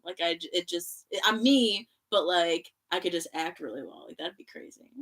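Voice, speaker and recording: A woman's voice: fairly low pitch, expressive, normal speed, a bit bright, distant mic. A woman co-hosting a casual podcast, talking hesitantly with lots of filler words. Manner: hesitant, many fillers like "like" and "I don't know". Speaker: co-host, host's wife.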